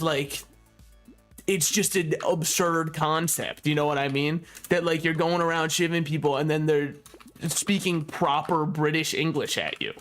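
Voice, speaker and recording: A man's voice: on the high side, fairly bright tone. A young man casually commentating a game he is playing, rambling and joking with frequent laughs. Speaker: gaming YouTuber.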